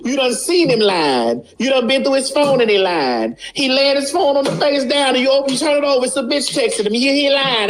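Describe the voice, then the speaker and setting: A woman's voice: high-pitched, sing-song, normal speed, faint music behind. A woman giving a blunt, casual commentary, preaching her point and repeating lines for emphasis, swearing freely.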